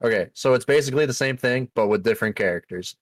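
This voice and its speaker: A man's voice: medium pitch, fast talker, no echo. A man co-hosting a casual podcast, retelling a movie plot scene by scene with quoted lines and casual swearing. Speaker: co-host.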